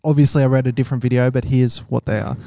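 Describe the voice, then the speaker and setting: A man's voice: mid-range voice, little pitch movement, racing, gravelly, warm tone, dry recording, studio quality. An Australian man co-hosting a comedy podcast, joking around and reading out comments in a casual chat. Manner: joking, reads comments aloud. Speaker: podcast co-host.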